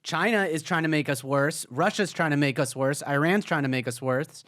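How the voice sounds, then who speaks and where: A man's voice: fairly high pitch, normal speed, fairly bright tone. A man hosting a podcast, telling stories and teasing his guest in casual comedic chat. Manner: storytelling, teasing questions. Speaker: podcast host.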